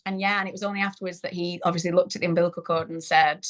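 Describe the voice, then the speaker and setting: A woman in her thirties, appearing as a guest on a parenting interview, tells her birth story in a casual, chatty way, laughing often as she recounts events. Her voice sits on the low side, and she speaks rapidly with a flat delivery.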